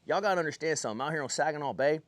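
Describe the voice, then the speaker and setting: A young man from California, a pro bass angler, excitedly recounting his day in a slangy, casual way. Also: rapid-fire, no room sound. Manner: excitable, slangy, retells his own thoughts aloud. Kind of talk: casual fishing vlog storytelling.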